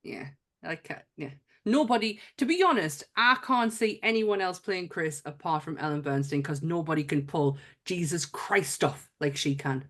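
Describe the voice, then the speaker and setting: A woman's voice: low voice, moderate pace, few pauses. English woman on a horror podcast, chatty, swears a bit, keeps restarting. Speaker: podcast co-host. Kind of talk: casual chat.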